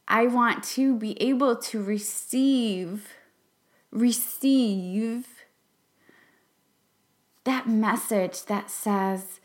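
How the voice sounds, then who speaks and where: A young adult woman hosting a podcast, talking in an earnest, halting and emotional way, sometimes dropping to a whisper for emphasis. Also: medium pitch, darkish tone. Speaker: podcast host and class facilitator. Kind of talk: reflective podcast monologue.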